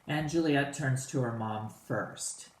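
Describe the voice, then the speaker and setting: Male teacher at an ordinary pitch, talks through a play casually with students, echoey room. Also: takes it slowly, a little hiss or hum. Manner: casual, animated, retells lines in plain slang.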